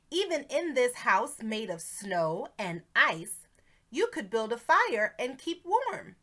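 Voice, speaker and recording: A woman teaching a video lesson to preschool children in a slow, encouraging, sing-song way. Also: on the high side, very animated, fairly bright tone.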